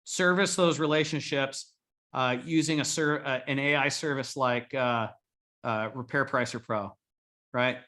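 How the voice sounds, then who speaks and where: A man's voice: mid-range voice, fairly even intonation, unhurried, sharp tone. A man coaching a group of remodelers in a blunt, profane style, rallying his listeners. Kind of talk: coaching talk to a live group.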